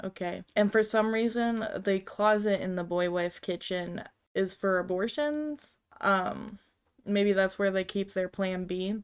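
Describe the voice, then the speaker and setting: A woman's voice: mid-range voice, a little mellow, clean tone. A woman giving casual, rambling commentary on memes, with lots of fillers and frequent giggles. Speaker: video creator.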